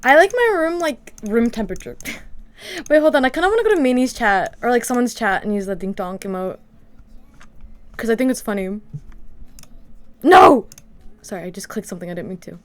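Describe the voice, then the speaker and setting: This livestreamer talks casually from her room at home, her rambling chat full of "like" fillers. Her voice sits on the high side, with lively intonation and a brisk delivery.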